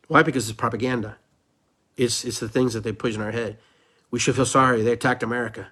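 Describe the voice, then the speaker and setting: Husky man in a fervent podcast rant. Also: mid-range voice, fairly even intonation, fairly quick, fairly bright tone. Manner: fervent, preachy, repeats phrases for emphasis. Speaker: podcast host. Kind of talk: impassioned solo podcast monologue.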